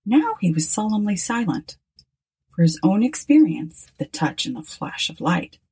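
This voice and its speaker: Husky-voiced woman reading a ghost story. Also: mid-range voice, normal speed. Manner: expressive, dramatic storytelling. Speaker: narrator.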